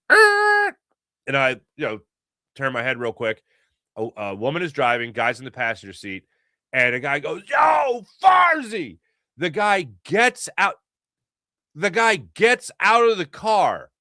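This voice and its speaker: A middle-aged man from Philadelphia hosting a casual sports talk show, telling animated stories and acting out voices. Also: medium pitch, unhurried, clean tone, no echo, clean studio sound. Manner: animated storytelling, acts out voices.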